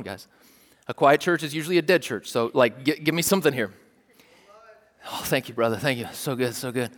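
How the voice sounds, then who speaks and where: A young adult man, a pastor, preaching a casual, animated sermon and calling out to the congregation. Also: mid-range voice, big-room sound. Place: large church hall.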